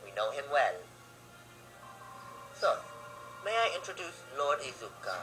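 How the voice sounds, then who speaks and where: A gamer reading a video game cutscene aloud, voicing a gruff, steady old army general in a deliberately bad old-man accent. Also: mid-range voice, rough recording. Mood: reassuring. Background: game music.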